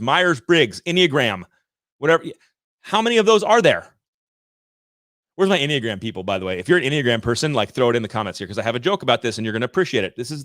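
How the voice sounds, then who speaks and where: A man in his thirties hosting a livestream, giving an energetic, emphatic motivational rant on sales and talking straight to his viewers. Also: medium pitch, no echo, studio quality. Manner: energetic, emphatic and ranting, addresses viewers directly. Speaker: livestream host and sales coach.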